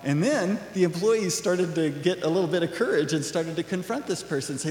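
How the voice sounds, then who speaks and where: A male pastor preaching a sermon in a relaxed, conversational way, full of asides. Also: a little high, fairly quick, few pauses. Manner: conversational, animated, acts out quoted voices with laughs. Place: church sanctuary. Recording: echoey church hall.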